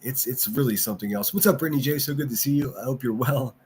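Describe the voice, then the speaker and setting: A man's voice: mid-range voice, fast talker, darkish tone. Male livestream host, profane ranting commentator, mid-range voice, faint background noise. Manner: reads and answers chat.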